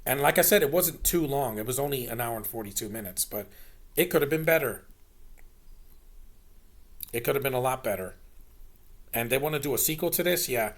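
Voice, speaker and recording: A man's voice: mid-range voice, animated, fairly quick, pauses often. A man giving a casual, blunt film review, exasperated and swearing, often restarting his sentences. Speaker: movie reviewer.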